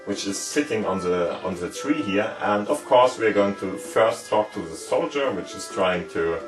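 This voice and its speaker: A man's voice: on the low side, lively intonation, normal speed. A man hosting a gaming channel, walking viewers through an adventure game in a loose, explanatory way full of fillers and hedges. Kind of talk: let's play commentary. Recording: roomy, distant mic with game music. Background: game music.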